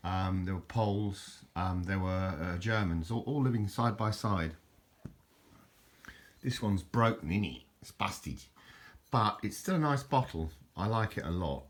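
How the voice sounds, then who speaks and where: A man talks casually through a show-and-tell vlog in a deep, low voice. He rambles and often restarts his sentences. He trips over unfamiliar foreign words as he goes. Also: a little slow. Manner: rambling and chatty, stumbles over foreign words, frequent self-corrections. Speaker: vlogger showing his bottle collection.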